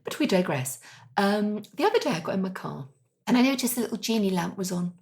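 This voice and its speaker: A middle-aged woman co-hosting a casual kitchen-table chat, telling animated stories and laughing often. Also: mid-range voice, fast talker. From England. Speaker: podcast co-host.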